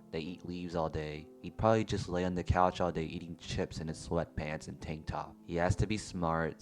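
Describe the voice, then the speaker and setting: A young man giving casual, self-mocking voice-over commentary on his drawings, speaking close to the mic. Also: a bass voice. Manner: wry, offhand, self-mocking. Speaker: art youtuber. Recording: faint music behind.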